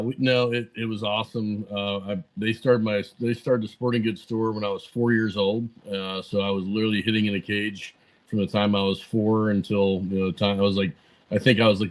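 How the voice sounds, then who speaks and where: Low monotone guy on a podcast, rambling stories, lots of uh and um. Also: low-quality recording. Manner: rambling anecdotes full of fillers and quoted dialogue. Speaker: podcast guest. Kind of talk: casual storytelling interview.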